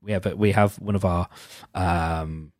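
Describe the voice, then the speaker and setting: British guy rambling on his own, jumps up in pitch when he gets excited, dry close mic. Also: a little slow, no echo. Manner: rambling, animated, self-interrupting. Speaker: podcast host. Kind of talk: casual solo chat.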